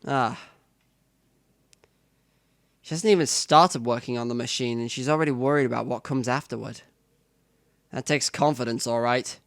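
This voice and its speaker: A man's voice: medium pitch, normal speed, gravelly, long pauses, fairly bright tone, no room sound, studio quality. A man playing through a visual novel, reading the narration aloud in first person with asides to the viewer. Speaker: let's player.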